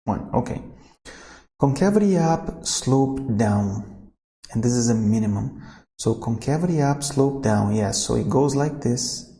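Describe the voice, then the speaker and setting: A man's voice: mid-range voice, unhurried, dark tone, roomy sound. A man teaching a recorded math lesson, thinking aloud and correcting himself informally as he works.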